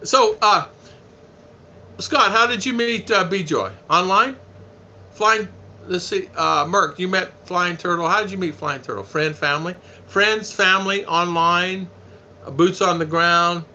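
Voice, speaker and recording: A folksy American man hosts a casual live stream and chats along with his viewers. His voice is bright and a touch high for a man. A faint hiss of background noise sits under it. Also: unhurried, lo-fi sound. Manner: chatty, folksy, reads viewer comments aloud.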